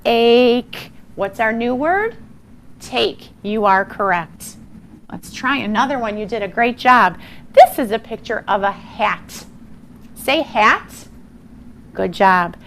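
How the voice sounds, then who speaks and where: A woman teaching a phonics lesson to young children, slow and encouraging, sounding out words with exaggerated care. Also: a little high, fairly bright tone, slight background noise. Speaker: primary school teacher.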